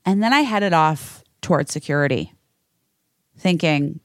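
A woman from the United States hosting a podcast, telling a story in a profane, animated rant. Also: deep voice, measured pace, dry recording, clean studio sound. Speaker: podcast host. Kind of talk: casual podcast chat.

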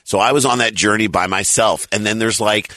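A male comedian, a guest on a morning radio show, telling stories in a lively way and acting out quoted lines in a studio. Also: lowish voice, fairly quick, no echo. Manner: animated storyteller, acts out quoted lines. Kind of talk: casual radio chat, storytelling.

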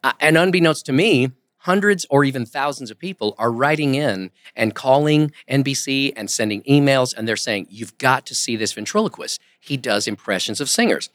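A man's voice: mid-range voice, normal speed, hardly any pauses, no echo. A man telling stories as a guest on an interview podcast, acting out the voices of the people he quotes. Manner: animated storyteller, acts out quoted voices. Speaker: guest, ventriloquist and impressionist. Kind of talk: casual interview storytelling. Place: podcast studio.

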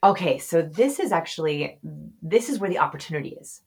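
Husky lower-pitched woman, guest on a podcast, fast lively explainer. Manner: quick, expressive explainer who acts out example voices. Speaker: author and researcher guest. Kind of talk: podcast interview.

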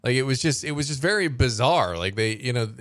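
A man co-hosting a news podcast in casual chat, relaxed and conversational, steering the talk to the next story. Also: mid-range voice, brisk, no room sound. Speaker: podcast co-host.

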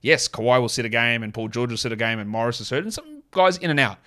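A man with an Australian accent hosting a fantasy basketball podcast, talking through rotations and stats in quick, rambling analysis full of restarts. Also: medium pitch, animated, bright, forceful tone. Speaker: podcast host.

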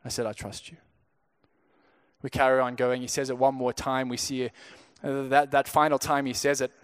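A man's voice: medium pitch, level tone, brisk, clear, resonant tone. A young man from Zimbabwe, a pastor telling a personal story in a conversational sermon, often restarting his words. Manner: conversational, frequent stammered restarts.

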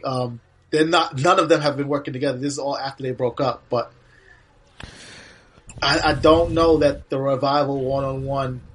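A man's voice: medium pitch, steady tone, normal speed. A man co-hosting a podcast, chatting easily and agreeably while watching an old wrestling match, laughing often. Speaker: podcast co-host.

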